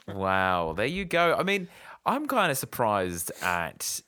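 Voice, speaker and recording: A man's voice: lowish voice, huge pitch swings, slow, bright, forceful tone. A man hosting a podcast, casually chatting about a movie, musing and hesitant while he thinks. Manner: musing, hesitant when guessing. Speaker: podcast host. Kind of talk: casual film review chat.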